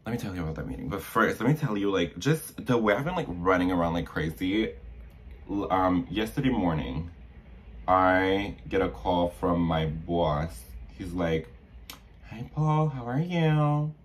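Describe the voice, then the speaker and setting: A man's voice: low-pitched, moderate pace. A young man vlogging while doing his makeup, chatty and dramatic, acting out the quoted dialogue as he retells a story.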